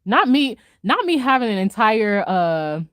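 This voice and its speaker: A young adult woman live streamer, ranting in a casual, animated way with lots of slang and laughter while she reads chat. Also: a little high, no room sound, studio quality. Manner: animated, fast-talking rant with frequent laughter and slang.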